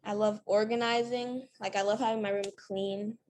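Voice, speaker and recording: A woman's voice: mid-range voice, fairly even intonation, normal speed, a little mellow. Chatty teenage girl with faint noise. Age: teens. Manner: chatty, many fillers like "like" and "you know". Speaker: interview guest. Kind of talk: casual interview answers.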